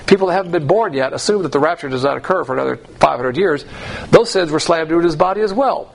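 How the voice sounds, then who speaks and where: A man preaching a sermon in an emphatic, blunt way, swinging between loud and hushed delivery. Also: on the high side, expressive, fast talker, vocal fry, poor audio.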